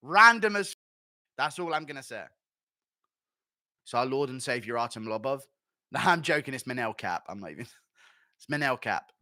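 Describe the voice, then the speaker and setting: Bright forceful guy ranting, swearing and mocking, super dry close sound. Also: mid-range voice, expressive, moderate pace, long pauses, no echo. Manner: profane, mocking, laughs often at his own jokes. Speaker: MMA commentator and streamer. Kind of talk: casual commentary rant.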